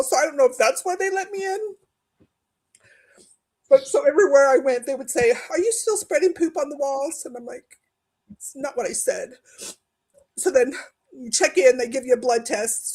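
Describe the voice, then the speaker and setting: A woman telling an emotional personal story, rambling and restarting, her voice climbing and breaking into tears as she recalls pleading for help. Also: darkish tone. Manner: tearful, voice rising high when quoting her own pleas. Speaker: guest sharing personal story.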